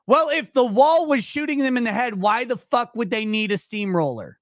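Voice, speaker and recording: A man's voice: very high-pitched, expressive, moderate pace, few pauses, fairly bright tone, no room sound, studio quality. A man hosting his show, angrily confronting his guest in a heated debate, swearing and repeating his demands. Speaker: show host.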